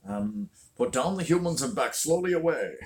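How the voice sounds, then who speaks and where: A woman's voice: low voice, expressive, normal speed, darkish tone, a little hiss or hum. Rambling woman hosting a home livestream. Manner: rambling, many fillers and restarts. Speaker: channel host. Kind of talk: casual livestream chat. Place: home room with a fireplace.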